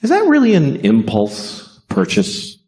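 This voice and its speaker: A man's voice: fairly high pitch, huge pitch swings, measured pace, warm tone. Profane, sardonic male stand-up comedian. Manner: profane, sardonic, rambling rants.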